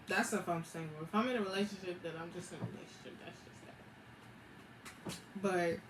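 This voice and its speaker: A young woman, telling a story in a slangy, animated, casual way with frequent laughs. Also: lowish voice, normal speed, long pauses. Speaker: vlogger. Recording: echoey room with background noise.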